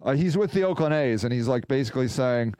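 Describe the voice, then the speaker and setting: A man hosting a casual podcast, rambling and excitable, talking in bursts into a close mic. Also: medium pitch, fast talker, dry recording. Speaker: podcast host.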